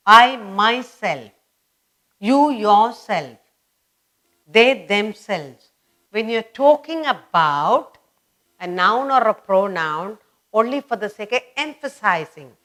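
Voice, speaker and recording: A woman's voice: medium pitch, fairly bright tone. A woman teaching grammar to children, stressing and repeating each example sentence.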